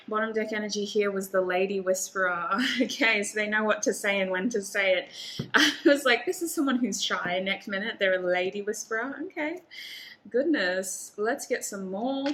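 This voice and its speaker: A woman talks through a tarot reading in a chatty, thinking-aloud way and laughs often. Her voice is bright and clear. A faint hiss sits under the recording. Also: medium pitch. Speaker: tarot reader. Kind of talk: casual tarot reading to camera.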